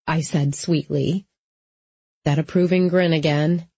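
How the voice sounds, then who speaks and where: A woman's voice: fairly low pitch, unhurried, mellow, slightly rough, no room sound. A woman narrating a first-person audiobook in a dry, wry storytelling manner, close to the mic. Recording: slightly dull lo-fi.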